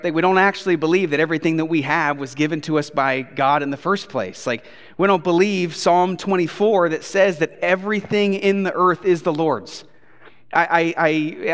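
Animated male pastor in a reverberant hall. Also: on the high side. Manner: animated storytelling, acts out his toddler. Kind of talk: sermon.

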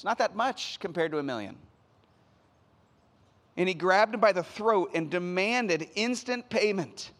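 A high-pitched male pastor preaches a sermon and retells the scripture story in a lively, conversational way. His voice carries a long reverb, as if recorded in a church sanctuary.

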